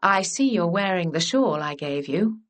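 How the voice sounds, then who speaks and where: A woman voicing a charming, teasing male lord in a lowered, unhurried voice. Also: lively intonation, natural voice.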